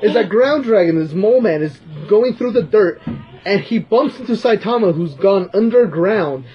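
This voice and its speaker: High-voiced man recapping a show. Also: lively intonation, moderate pace, lo-fi sound. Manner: recaps plot eagerly, chuckling. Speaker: podcast co-host. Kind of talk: casual plot recap chat.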